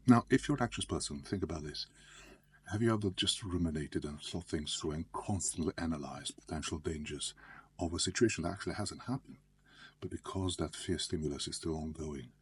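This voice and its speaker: A man's voice: a bass voice, husky. A male therapist giving an explanatory talk in a conversational way, with loose phrasing and frequent asides.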